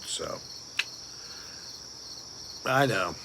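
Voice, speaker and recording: A man's voice: fairly low pitch, expressive, very slow, noisy background. A man hosting a casual late-night livestream, rambling and answering viewer comments aloud. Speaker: livestream host reading viewer chat.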